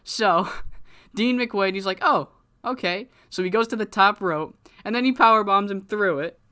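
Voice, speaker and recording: Animated man narrating a wrestling game. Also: high-pitched, normal speed, smooth. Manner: animated, laughing storyteller. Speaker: gamer narrating a wrestling sim. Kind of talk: casual, profane let's-play commentary.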